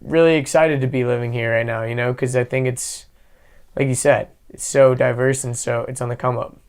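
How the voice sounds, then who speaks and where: A young man hosting a podcast, talking in a relaxed, rambling way full of fillers. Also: mid-range voice, brisk, clean tone. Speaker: podcast host. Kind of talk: casual conversation.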